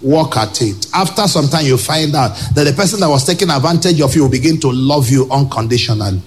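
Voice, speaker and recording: A male pastor with a Nigerian English accent preaching a sermon to a congregation, emphatic, with loud rhetorical questions and pidgin asides. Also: medium pitch, lively intonation, fast talker, a little hiss or hum.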